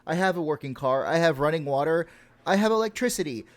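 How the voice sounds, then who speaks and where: A man's voice: on the high side, animated, fast. A man from Texas co-hosting a podcast, ranting and swearing casually with laughs. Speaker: podcast co-host.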